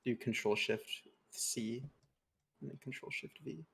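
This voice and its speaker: Casual stream guest, a man with a gravelly edge, walks through steps patiently. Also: medium pitch, measured pace, a little hiss or hum. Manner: patient step-by-step instructions. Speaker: guest teaching neovim. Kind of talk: casual livestream tutorial.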